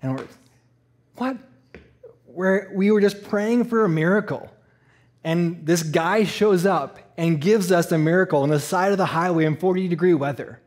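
A man from Eastern Canada telling a personal story in a sermon, animated and laughing, acting out the voices. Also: high-pitched, moderate pace. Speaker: church speaker.

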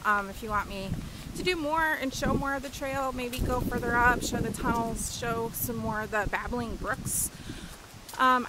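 Winded woman from wisconsin walking a trail, kinda high voice, loud wind hitting the mic. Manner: chatty, breathless, gushing about scenery. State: out of breath. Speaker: vlogger. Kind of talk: casual walk-and-talk vlog. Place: outdoors on a windy rural trail. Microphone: handheld camera.

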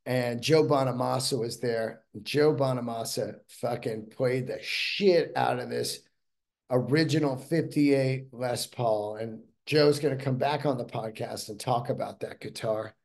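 A man's voice: medium pitch, steady tone, unhurried, gravelly, darkish tone. A man hosting his own podcast solo, rambling along in a casual, profane, enthusiastic way. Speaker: podcast host.

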